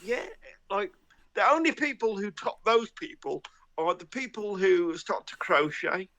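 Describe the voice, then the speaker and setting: A man's voice: high-pitched, expressive, a little slow, sharp tone. A man hosting a podcast on a live stream, rambling and swearing in casual banter. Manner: rambling, sweary, self-mocking. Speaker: podcast host.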